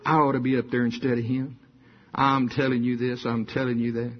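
A man's voice: mid-range voice, little pitch movement, brisk, a little hiss or hum. An older man preaching a sermon in a folksy storytelling manner, building to emphatic bursts. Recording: dull lo-fi sound.

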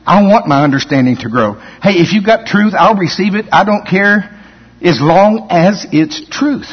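A man's voice: high-pitched, moderate pace, slightly rough. A man preaching a sermon, telling stories with acted-out quotes and frequent laughs. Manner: animated storytelling, acts out quotes, laughs often. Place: church hall. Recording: muffled hall recording.

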